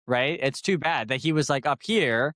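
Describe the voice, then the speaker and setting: Rambling deadpan comedian, dry sound. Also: male voice, mid-range voice, moderate pace, no room sound. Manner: rambling, acts out quoted voices; deadpan jokes. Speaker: comedian podcast co-host. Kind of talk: casual comedic banter.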